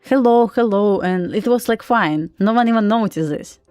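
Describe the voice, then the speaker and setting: A woman with a Russian accent chatting casually on a live trading stream, full of "like" fillers and quick laughs. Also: medium pitch, darkish tone, smooth, no echo, soft background music. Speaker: live-streaming day trader.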